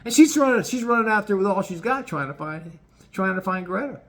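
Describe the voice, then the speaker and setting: A man telling a casual story in an animated, swearing manner. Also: high voice, brisk. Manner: animated, swearing, lots of restarts. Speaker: vlogger.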